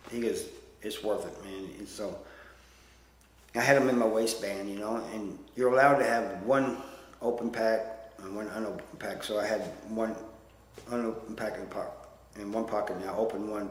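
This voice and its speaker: Rambling low-voiced man, echoey room. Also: a little hiss or hum. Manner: rambling, plain-spoken with many "you know" fillers; folksy, self-deprecating. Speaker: storyteller. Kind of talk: casual storytelling.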